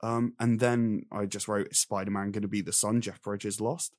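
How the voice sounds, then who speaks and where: A man's voice: on the low side, level tone, moderate pace, a little mellow, no echo. Young guy ranting thru his film notes, annoyed, mocking voices, dry close sound. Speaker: film review podcast co-host. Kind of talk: casual chat.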